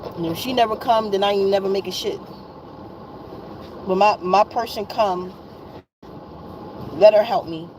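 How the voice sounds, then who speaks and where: A woman's voice: medium pitch, unhurried, long pauses, darkish tone, slight background noise, poor audio. A woman in her fifties venting to her viewers, tired and exasperated, blunt and profane, often repeating herself. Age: 50s. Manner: weary and exasperated. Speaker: wellness vlogger.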